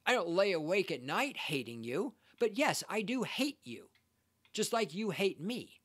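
Male podcast host, higher-pitched voice, sarcastic and scornful, heated commentary. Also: very animated, measured pace, fairly bright tone. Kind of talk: ranting commentary reacting to a read-out text.

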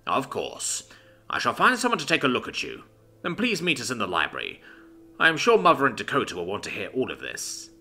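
A man's voice: mid-range voice, wildly swooping pitch, brisk, pushed and bright, full character voice. A man voicing a formal, upbeat male captain who speaks in proper, stiff phrasing. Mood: brisk, formal.

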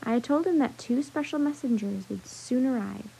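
Storybook part: a wise enchantress, soft and measured, read by a woman; warm, breathy. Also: on the high side, full character voice, rough recording. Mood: calm.

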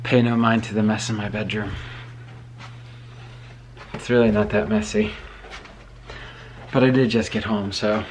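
A man's voice: on the low side, a little slow, pauses often, a little hiss or hum, poor audio. A man with congested lungs and a Northeastern US accent, talking casually in a tired, rambling way while vlogging as he moves around his house. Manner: tired, relaxed and rambling, with fillers. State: congested lungs, occasional coughing. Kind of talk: casual home vlog. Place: house, moving between rooms.

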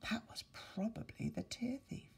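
A woman's voice: on the low side, sing-song, measured pace, gravelly, breathy edge, pitched above the performer's own voice, exaggerated voice. A woman doing a stern scolding mother. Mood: hushed. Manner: stern, then hushed and knowing. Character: scolding mother of a young boy.

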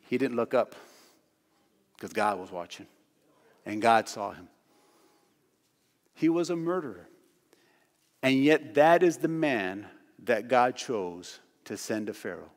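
A man's voice: mid-range voice, lively intonation, slow, long pauses. A man preaching a sermon as pastor, emphatic and hammering points home through repeated phrases. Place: church. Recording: long church hall reverb.

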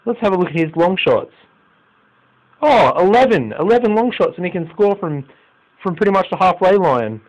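A young man with an Australian accent giving live commentary on a football management game, swinging from low muttering to loud exclamations and swearing. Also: expressive, normal speed, muffled recording. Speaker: gaming YouTuber.

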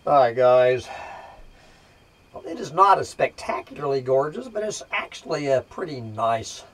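Slow-talking man ranting at his computer. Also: mid-range voice, big pitch swings. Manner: profane, frustrated outbursts at his computer; drawling, hesitant with many fillers. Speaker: vlog host. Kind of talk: casual rant to camera.

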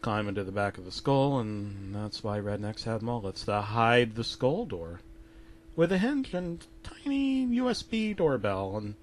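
Deadpan male horror-story narrator. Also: measured pace, slight background noise. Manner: deadpan, mostly low-key with sudden loud outbursts.

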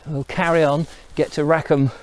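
A man's voice: a little high, level tone, normal speed, darkish tone. A middle-aged man from England vlogging outdoors while walking through countryside and woodland, chatty and enthusiastic, wandering off into asides. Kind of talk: casual outdoor walking vlog.

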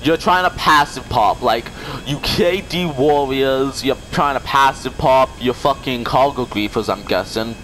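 A young man trash-talks other players over online game voice chat, sarcastic and full of swearing. His voice sits at an ordinary middle pitch. A faint noise floor hums underneath. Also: a little slow, few pauses, a bit bright. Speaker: gamer.

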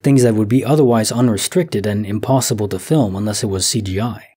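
Brief: thirties male sleep story narrator, slow and reflective, dark husky tone. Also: on the low side. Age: 30s. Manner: slow, soft, reflective, thinking aloud. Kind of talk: calm musing commentary on listener stories.

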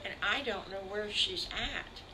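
A woman's voice: mid-range voice, a little slow, noisy background, close to an everyday voice. Sally Skunk, a fretful little girl skunk, as a grandmother puts her on. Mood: worried. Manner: anxious, fretful.

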